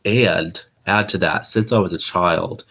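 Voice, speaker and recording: A man's voice: low voice, unhurried, a bit bright. A man hosting a casual livestream, talking with a nasal sound in a loose, chatty way full of fillers and restarts. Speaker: livestream host. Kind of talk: casual rambling livestream talk.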